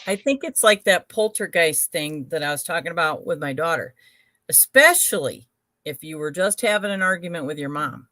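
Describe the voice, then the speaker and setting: A middle-aged woman in casual conversation, explaining things in an unhurried way with many fillers. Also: low voice, expressive, pushed and bright, no room sound. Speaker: spiritual show participant. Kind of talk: casual chat.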